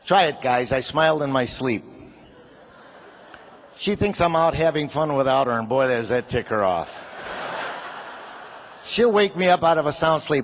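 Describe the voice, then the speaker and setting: A man's voice: fairly high pitch, lively intonation, measured pace, long pauses, a little hiss or hum. An older man doing a stand-up comedy routine, firing off punchy one-liners and chuckling at his own jokes. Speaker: comedian and show host.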